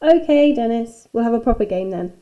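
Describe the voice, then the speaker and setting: A woman's voice: on the high side, fairly quick, lo-fi sound, lightly acted. A woman reading aloud as an eager, sporty schoolboy in a children's storybook. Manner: eager, excited.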